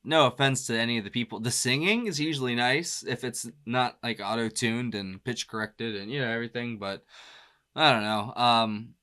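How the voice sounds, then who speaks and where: A man hosting a music reaction video, talking casually with lots of fillers and laughs, rambling and excitable. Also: mid-range voice, moderate pace.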